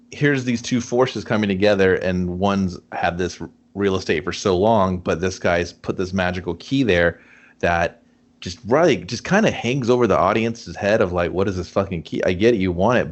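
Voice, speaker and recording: A man with a fairly low voice co-hosts a loose movie review podcast. He rambles through his points, swears often and breaks into laughter. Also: highs cut off. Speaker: podcast co-host. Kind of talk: casual movie review chat.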